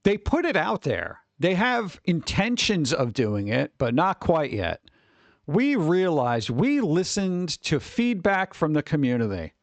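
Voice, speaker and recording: A man's voice: on the high side, big pitch swings, measured pace, dry recording. A man hosting a stream, chatting casually in a rambling way, with some swearing and chuckles. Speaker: streamer host. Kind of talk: casual chat.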